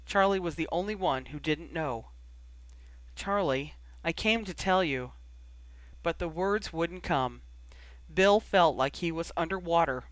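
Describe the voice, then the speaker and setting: A man's voice: a little high, no echo. Man narrating a story, dry close sound. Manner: steady storytelling reading. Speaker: audiobook reader. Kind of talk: fan fiction audiobook narration.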